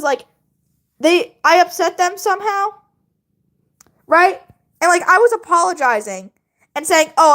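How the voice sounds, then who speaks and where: A woman chats on a casual livestream as she works on a drawing, rambling from thought to thought and laughing often. Her voice sits high and moves around a lot, full of swings in pitch. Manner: rambling, chatty, laughs often, talks to viewers.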